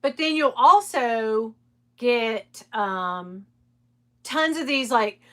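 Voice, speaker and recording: A woman's voice: fairly high pitch, lively intonation, drawn-out words, bright, forceful tone. A middle-aged woman, hosting a casual live stream and chatting candidly, swearing freely and laughing often. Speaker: live stream host reselling designer bags.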